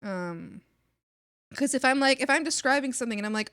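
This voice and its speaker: High-voiced woman chatting while drawing. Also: fairly quick. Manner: animated, bursts of laughter, rambling asides. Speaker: streamer. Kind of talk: casual chat while drawing.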